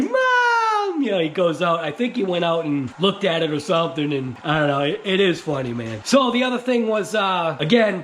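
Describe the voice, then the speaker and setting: A man with a New England accent, hosting a casual, rambling vlog about RC cars, chatty and quick to laugh. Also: high-pitched, a little hiss or hum. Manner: chatty, laughs often, many fillers. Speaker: RC car channel host.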